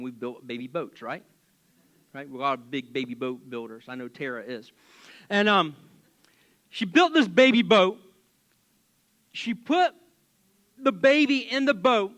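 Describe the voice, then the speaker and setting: A man preaching as a pastor in a church, telling a Bible story casually with jokes and acted-out voices. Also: high voice. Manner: animated, joking, acts out voices.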